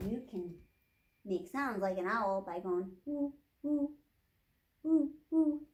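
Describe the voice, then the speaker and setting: A woman librarian reading a picture book aloud at a children's storytime, speaking gently to young children and asking them questions. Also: mid-range voice. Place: public library.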